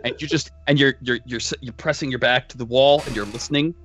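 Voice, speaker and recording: A man's voice: medium pitch, steady tone, quick pace, fairly bright tone, soft background music. A man narrating as game master, loose and profane, laughing between lines.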